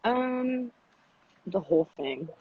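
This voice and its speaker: A woman's voice: medium pitch, sing-song, slow, background noise. A bubbly, playful woman chats casually on a live stream, teasing and joking as she talks. The audio is a bit dull and lo-fi, like a phone stream. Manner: playful, bubbly, quotes herself in funny voices. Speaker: actress.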